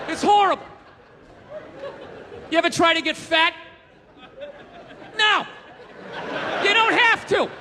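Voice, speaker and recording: A middle-aged man doing a profane, ranting stand-up routine on a club stage, acting out characters along the way. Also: very high voice. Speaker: stand-up comedian. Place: comedy club stage before a live audience. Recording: live club recording with loud crowd noise.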